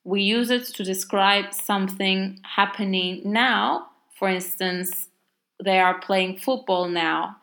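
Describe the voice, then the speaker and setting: A woman's voice: medium pitch, takes it slowly, fairly bright tone. A woman with a Turkish accent, a native Turkish speaker, explaining grammar in a casual language lesson with many fillers and exaggerated example words. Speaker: language teacher.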